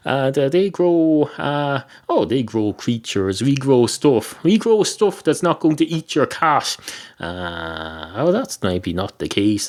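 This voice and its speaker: A man's voice: mid-range voice, a little mellow. A man hosting a podcast, talking in a meandering, wry comic monologue that keeps losing its thread. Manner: meandering, self-interrupting, wry. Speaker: podcast host.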